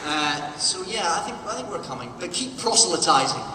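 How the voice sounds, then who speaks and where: A joking man on a fan panel talks quick and loose, with a slightly high voice. A loud crowd and heavy noise surround him in a reverberant hall. He sounds distant from the mic. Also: lively intonation. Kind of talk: casual convention panel banter. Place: large convention hall with an audience.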